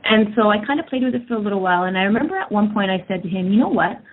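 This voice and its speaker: A woman's voice: medium pitch, lively intonation, rapid-fire. A woman in her thirties telling a personal story in a candid, casual way with lots of fillers. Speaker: energy work practitioner. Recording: tinny phone-like audio.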